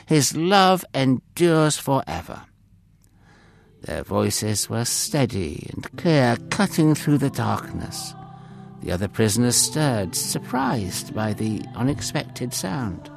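A male storyteller tells a children's Bible story at a slow, unhurried pace. His voice is gravelly and his pitch moves a lot as he narrates. The sound is dry and close, with faint music underneath. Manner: expressive, addresses the listener directly.

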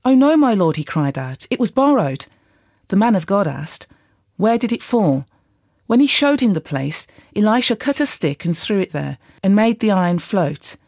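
A woman reading a Bible passage aloud in a measured way, lightly voicing the quoted speakers. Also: mid-range voice, big pitch swings, a little mellow, husky, no echo, clean studio sound. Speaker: Bible reader. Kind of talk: scripted scripture reading.

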